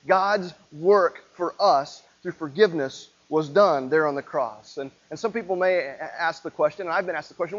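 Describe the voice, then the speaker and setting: Fairly high-voiced pastor preaching casually. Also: male voice, normal speed, few pauses, muffled recording. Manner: conversational, repeats words and restarts often. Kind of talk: sermon.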